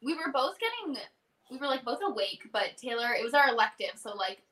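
A young woman in her twenties from Canada, a singer guest on a podcast, telling lively stories and quoting herself and her partner. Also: a little high, fairly quick, crowd noise. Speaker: guest, country music singer. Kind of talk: casual interview chat.

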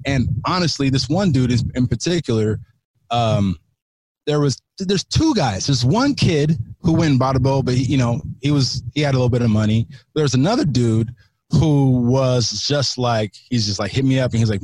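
A man's voice: medium pitch, normal speed, darkish tone, dry recording. A man from California, a podcast guest, talking in a loose, slangy way, swearing freely and restarting his sentences. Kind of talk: casual chat.

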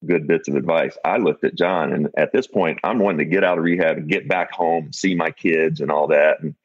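A man's voice: a bass voice, fairly even intonation, brisk, dry recording, muffled recording. A middle-aged man, the guest, candidly tells a personal story in a reflective way.

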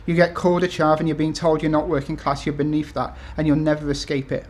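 A man's voice: a little high, completely flat delivery, fast talker, darkish tone, slight background noise. A man in his thirties from the UK, an author talking to an event audience with many ums and restarts, then reading his essays aloud. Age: 30s.

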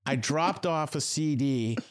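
A middle-aged man telling a story as a podcast guest, halting and repeating words as he goes. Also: a little high. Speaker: podcast guest, host's stepfather. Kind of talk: casual storytelling.

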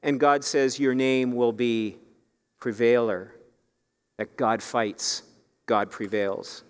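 A man delivers a sermon from the pulpit, unhurried and earnest, pressing his points home with pleading emphasis. His voice is smooth and resonant, carried by the long echo of a church sanctuary. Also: medium pitch, fairly even intonation. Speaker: pastor.

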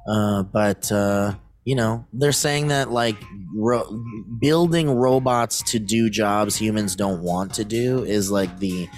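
A man's voice: fairly low pitch, slow pace, hardly any pauses, soft background music. A man co-hosting a casual podcast, reading news aloud and rambling off with lots of fillers. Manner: rambling, lots of fillers, bursts into silly voices. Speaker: podcast co-host.

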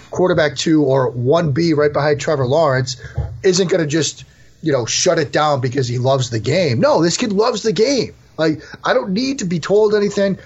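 A man's voice: a little high, husky. A man who is a guest analyst on a sports podcast, talking emphatically in a casual interview. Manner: emphatic, repetitive. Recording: dull lo-fi sound.

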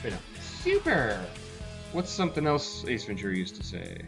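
Man, podcast host, casual chat, animated pitch, goofy and playful. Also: fast, gravelly, soft background music. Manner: playful, jumps into loud silly voices. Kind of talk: casual chat trying out celebrity impressions.

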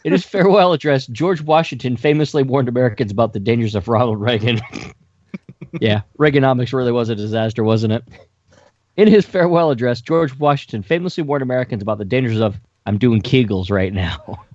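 A man's voice: medium pitch, brisk, darkish tone, dry recording. A man reading game cards aloud and adding dry asides during a casual podcast game night. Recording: dry muffled podcast audio.

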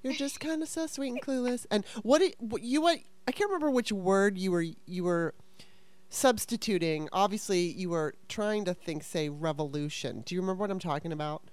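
A woman's voice: medium pitch, brisk, darkish tone, no echo. Giggly woman podcast host. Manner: giggly, laughs often. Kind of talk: casual interview chat.

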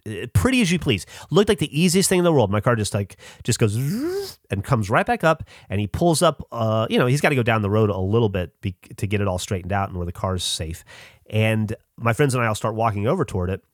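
A man's voice: lowish voice, no room sound, studio quality. A man casually telling a long, rambling story as a podcast host, with lots of swearing and restarts.

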